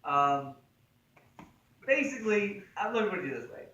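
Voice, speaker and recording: A high-pitched man with a sharp tone and big pitch swings teaches a jiu-jitsu choke at normal speed in a martial arts gym. His casual instruction is joking and conversational, punctuated by frequent "right?" check-ins. The sound is lo-fi, with a distant mic in an echoey room.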